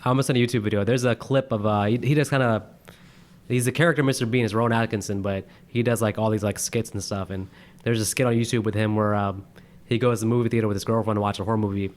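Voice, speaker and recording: A man co-hosting a casual movie review chat, animated and quick to laugh, acting out quotes in exaggerated voices. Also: fairly low pitch. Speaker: podcast co-host.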